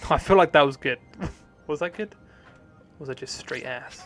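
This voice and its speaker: A man's voice: on the high side, unhurried, fairly bright tone, soft background music. A young man casually commentating his game live on stream, swearing often, mocking himself and laughing easily.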